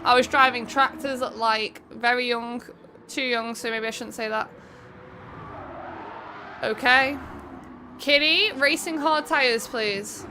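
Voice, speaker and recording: Bright-voiced English woman streaming a race. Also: a little high, slight background noise. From England. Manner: chatty, quick race commentary, greets viewers by name. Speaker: streamer hosting an online racing event. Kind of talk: live game stream commentary.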